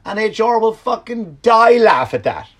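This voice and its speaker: A man's voice: high-pitched, very animated, a little slow, fairly bright tone. An Irish man from Ireland hosting a podcast, delivering a rambling, profane, sarcastic comedic monologue. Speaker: podcast host.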